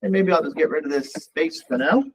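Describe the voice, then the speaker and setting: Fairly high-pitched and husky, the man speaks fairly quickly, and the audio is poor. In a live coding lecture for a college programming class, he stays relaxed and thinks aloud as he types and runs code.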